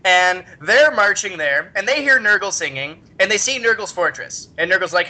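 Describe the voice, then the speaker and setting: A podcast host retelling a story with animated energy and frequent laughter. The voice is bright and forward, and the pitch swings widely. It is a loose, conversational delivery. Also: normal speed.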